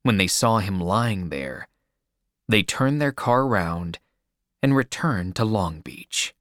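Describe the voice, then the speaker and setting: A man reading a novel aloud as a narrator in a measured, even storytelling delivery. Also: fairly low pitch, no room sound, studio quality. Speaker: audiobook narrator. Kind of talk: scripted narration.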